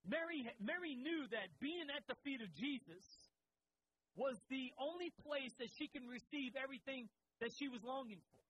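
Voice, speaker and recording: High-voiced man preaching earnestly. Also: animated, fairly bright tone, highs cut off. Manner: earnest, conversational preaching with quick repeated restarts. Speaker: pastor. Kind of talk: sermon.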